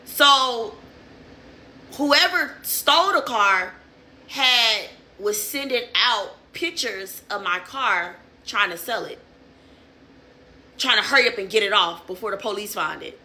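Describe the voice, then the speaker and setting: A woman's voice: medium pitch, expressive, slow pace, pauses often, bright, forceful tone, slight background noise. A young woman telling a story in casual, profane, streetwise slang.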